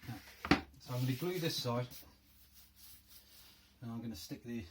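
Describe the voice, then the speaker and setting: A man's voice: medium pitch, normal speed, very noisy. Chatty North London man crafting. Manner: chatty, thinking aloud while working. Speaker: crafting video host. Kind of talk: casual hands-on tutorial. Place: home workroom.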